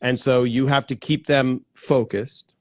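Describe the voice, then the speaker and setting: A man's voice: medium pitch, fairly even intonation, measured pace, darkish tone, dry recording, studio quality. A man hosting a casual live stream, chatting and greeting viewers by name as he goes, with frequent restarts. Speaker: livestream host. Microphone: plugged-in desk microphone.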